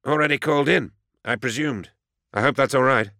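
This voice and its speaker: A man voicing a dutiful male soldier-aide in an audiobook, with brisk, direct speech. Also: mid-range voice, gravelly, dry recording, clean studio sound, pitched above the performer's own voice. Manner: brisk, loud commands.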